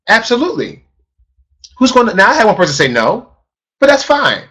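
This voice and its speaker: A man's voice: high-pitched, big pitch swings, normal speed, pauses often, fairly bright tone. A man teaching a live online sales webinar as a trainer, talking emphatically and repeating key phrases for stress.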